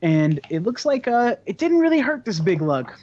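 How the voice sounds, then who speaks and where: Tabletop game master, relaxed narration, frequent fillers, dull lo-fi recording. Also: medium pitch, normal speed. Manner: relaxed explanations full of fillers.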